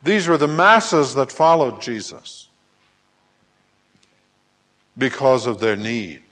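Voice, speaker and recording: A man preaching a sermon who acts out scripture scenes in lively voices, at times hollering. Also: medium pitch, unhurried. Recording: long hall reverb.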